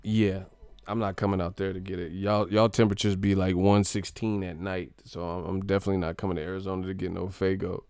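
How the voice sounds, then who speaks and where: Man from California, live stream host, casual profane banter, laughs a lot; dry close sound, soft music behind. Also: low voice, level tone, fast talker, smooth, no room sound. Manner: joking, laughing often, profane, mimics voices.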